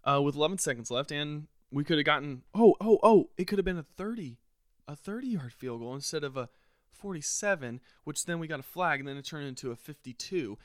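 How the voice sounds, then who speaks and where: A man hosting a podcast, delivering a frustrated, sarcastic solo rant with sudden leaps up in pitch and loudness. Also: expressive, fairly quick, no echo, studio quality. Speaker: podcast host.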